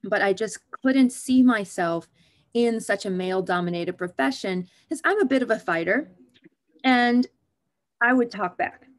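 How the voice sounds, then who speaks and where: Guesting on an interview show, a female OB/GYN keeps the conversation frank, animated, and joking as she describes her field. She speaks at a measured pace in a mid-range voice.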